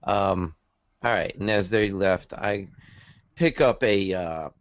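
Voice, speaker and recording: A man's voice: sits low, takes it slowly, dry recording. A man playing his character in a tabletop role-playing game, in a casual, matter-of-fact way. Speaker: player. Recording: dull, dry lo-fi mic.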